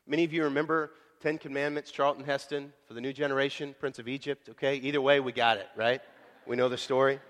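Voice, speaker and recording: Animated man preaching in a reverberant hall. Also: medium pitch. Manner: animated storytelling with sudden loud swells and quiet drops; casual, folksy delivery. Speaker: pastor. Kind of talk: sermon.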